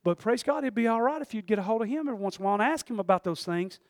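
A man preaching a folksy, animated sermon that swings between loud and hushed. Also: high-pitched, racing, no room sound. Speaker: pastor.

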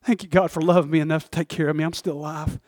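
A male preacher voicing a poor, sick beggar man who is humble and grateful and speaks softly and pleadingly. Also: on the high side, fairly even intonation, racing, no room sound, studio quality, natural voice. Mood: quiet gratitude. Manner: soft, pleading, hushed.

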